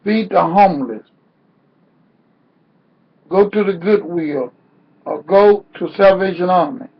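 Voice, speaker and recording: A man's voice: high-pitched, slow, breathy edge. A man giving an impassioned protest speech with a preacher-like cadence that rises into cries, heard on a dull lo-fi recording. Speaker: activist speaker. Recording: dull lo-fi sound.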